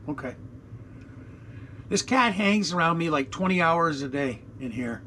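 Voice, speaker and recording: A man's voice: fairly high pitch, expressive, measured pace, pushed and bright, a little hiss or hum. A man in his sixties, rambling bluntly and profanely through an unscripted vlog in his RV, with lots of fillers, recorded on an action camera. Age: 60s. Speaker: vlogger. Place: inside his RV.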